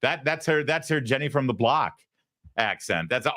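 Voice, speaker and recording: A man hosting a political talk show, giving mocking, animated commentary. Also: mid-range voice, moderate pace, dry recording, studio quality.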